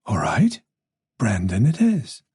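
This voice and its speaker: A man's voice: on the low side, wildly swooping pitch, slow, darkish tone, slightly rough, no echo, studio quality, pitched below the performer's own voice, heavily acted. A man voicing a chatty, nosy older village woman with a faint Dublin Irish accent. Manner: gossipy, nosy, playful.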